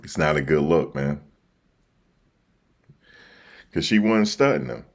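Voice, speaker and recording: Very deep-voiced East Coast man. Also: animated, fairly quick. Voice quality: very deep, slangy and repetitive. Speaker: livestream host reacting to election results. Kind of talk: casual livestream chat. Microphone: desk microphone.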